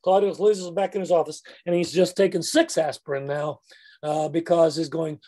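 A man's voice: fairly high pitch, animated, normal speed, warm tone. A man teaching a Bible class in a chatty way, joking with his students.

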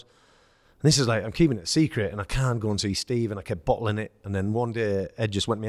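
English ex-footballer guest, low dry voice, anecdotal and animated. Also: male voice, fast talker, no echo. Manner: storytelling, acts out quoted dialogue, laughs. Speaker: former footballer, podcast guest. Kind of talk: casual anecdote telling.

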